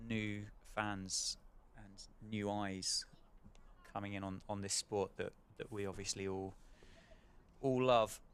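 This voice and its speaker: A man's voice: lowish voice, slow pace, clean tone. A man commentating live on a county cricket match, chatting between balls and lifting for big moments. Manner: conversational, rising to excited calls at wickets.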